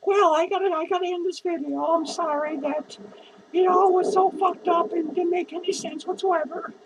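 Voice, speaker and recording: A woman's voice: extremely high pitch, steady tone, moderate pace, background noise. A woman playing a drunk, lonely, foul-mouthed female clown who rambles and swears in a rambling character vlog. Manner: rambling, profane, giggly.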